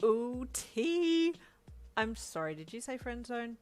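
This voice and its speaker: A woman's voice: unhurried, darkish tone. A woman doing a shrieking, flamboyant man. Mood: sassy. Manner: shrieking, high and melodramatic. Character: flamboyant, excitable grown man gushing over a baby.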